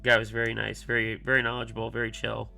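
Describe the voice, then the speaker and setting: A man's voice: medium pitch, completely flat delivery, fast, gravelly, bright, forceful tone, faint music behind. A man in his thirties, a streamer telling a long rambling story full of fillers while he works on a keyboard, muttering asides to himself. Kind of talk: casual storytelling while working.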